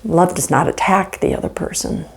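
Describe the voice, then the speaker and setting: Woman giving faith-based marriage advice, animated, earnest, acts out little dialogues. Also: lowish voice, normal speed, gravelly. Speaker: marriage counselor. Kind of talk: faith-based relationship teaching.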